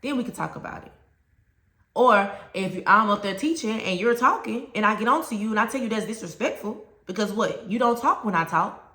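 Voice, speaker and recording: A woman's voice: mid-range voice, bright, forceful tone, reverberant. A woman with a Southern US accent giving an emphatic, plain-spoken talk to fellow teachers. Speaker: teacher trainer.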